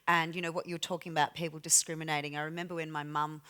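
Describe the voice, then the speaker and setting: Aussie woman panelist; heartfelt, sincere, lower register. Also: level tone, fast talker, bright, forceful tone, smooth. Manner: earnest, heartfelt. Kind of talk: panel discussion.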